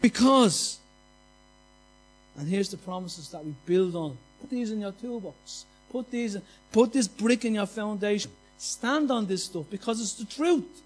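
A man's voice: high voice, animated, normal speed, hardly any pauses, darkish tone, soft background music. A man preaching a passionate, conversational sermon full of repetition and anecdotes.

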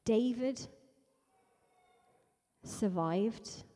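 Woman preacher, emphatic sermon, mellow tone, long hall reverb. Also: fairly high pitch, very slow. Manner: emphatic, repetitive preaching with rising intensity.

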